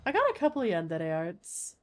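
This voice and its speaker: A woman's voice: on the low side, wildly swooping pitch, fairly quick. A woman chatting casually as she streams a game, rambling with lots of filler words.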